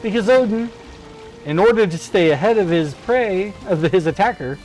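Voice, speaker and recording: This is a playful man on a gameplay stream, chatting and spinning a story. His voice sits a bit high for a man. Soft music plays faintly behind him. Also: normal speed. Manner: playful and animated, with laughs. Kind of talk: casual gameplay chat with storytelling.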